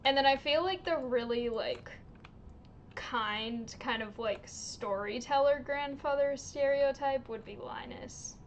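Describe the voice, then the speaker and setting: A woman livestreaming a game, chatting casually in an unhurried way, with lots of little laughs and ums. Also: sits high, highs cut off, slight background noise. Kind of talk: casual chat while streaming a game.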